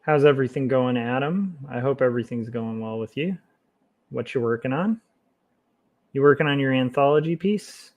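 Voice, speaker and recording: A man streaming while he draws comics, chatting casually and thinking aloud in a relaxed, self-mocking way. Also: mid-range voice, normal speed. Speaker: comic artist streaming his work. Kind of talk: casual livestream commentary while drawing.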